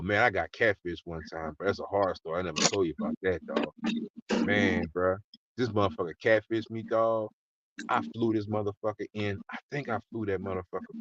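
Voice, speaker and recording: A man's voice: lowish voice, fairly bright tone. Muffled profane male storyteller. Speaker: podcast host. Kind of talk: casual chat. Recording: muffled with clear background noise.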